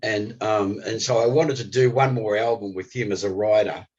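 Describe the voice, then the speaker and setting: An older man, a guest musician telling animated stories in an interview. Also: lowish voice, normal speed, breathy edge. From Australia. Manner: animated storyteller, voice jumps up when excited. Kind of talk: storytelling interview. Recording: slightly dull lo-fi recording.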